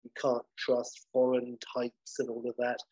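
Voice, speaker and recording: Husky guy rambling through a show recap, dry dull lo-fi sound. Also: mid-range voice, monotone, a little slow, warm tone, no echo. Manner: rambling, many fillers. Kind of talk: casual episode recap.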